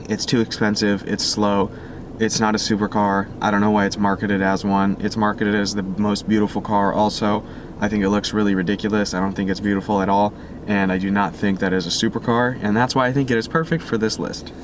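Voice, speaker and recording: A man's voice: fairly low pitch, a little hiss or hum. A young man hosting a car vlog, counting down his picks in a casual, blunt and opinionated way. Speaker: car channel host.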